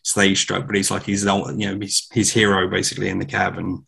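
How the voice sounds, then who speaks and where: A man's voice: low-pitched, completely flat delivery, brisk, gravelly, a bit bright, slightly rough. A man, a podcast guest, telling rambling anecdotes in a casual film chat.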